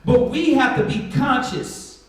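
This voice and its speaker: A man's voice: very high-pitched, big pitch swings, a little slow. A man teaching a live Sabbath Bible class, preaching emphatically and asking rhetorical questions. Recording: echoey room, far from mic.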